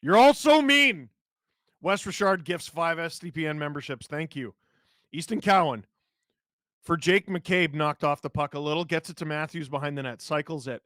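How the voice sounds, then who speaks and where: Hoarse man calling hockey live. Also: a little high, dry recording. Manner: rapid play-by-play with sudden excited shouts. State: hoarse from a cold. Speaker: host, live game watch-along. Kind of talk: live hockey play-by-play and chat reading.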